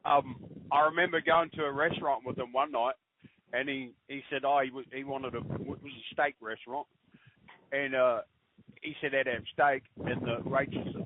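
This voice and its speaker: A middle-aged man from New Zealand telling rambling family stories in casual chat, with halting restarts. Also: mid-range voice, fairly even intonation, a little hiss or hum. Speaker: podcast guest. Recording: tinny phone-line audio.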